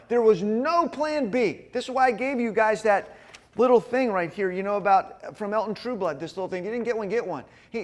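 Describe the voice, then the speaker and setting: A middle-aged man giving a sermon-style talk to a men's gathering, telling personal stories in a folksy, animated way. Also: sits high. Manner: folksy, animated storytelling with frequent asides to the group. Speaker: speaker at a men's ministry gathering.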